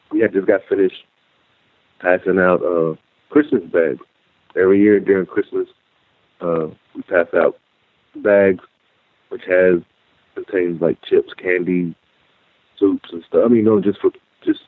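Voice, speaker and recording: Man, very deep voice, halting storyteller, dry tinny phone-line sound. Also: no room sound. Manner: halting, repeats words while telling a story. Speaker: guest. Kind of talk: personal storytelling.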